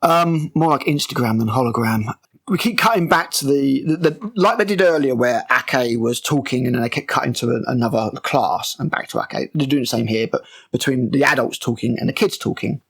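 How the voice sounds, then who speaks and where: A man's voice: mid-range voice, lively intonation, fairly quick, vocal fry, fairly bright tone, slightly rough. A man reviewing a TV episode scene by scene in an exasperated, sarcastic rant. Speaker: TV critic.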